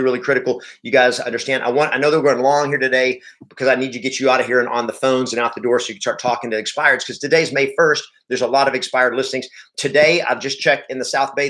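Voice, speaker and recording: A man leading a live sales training session, energetic and emphatic, repeating key points and speaking straight to his audience. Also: medium pitch. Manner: addresses the audience directly. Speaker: real estate sales coach.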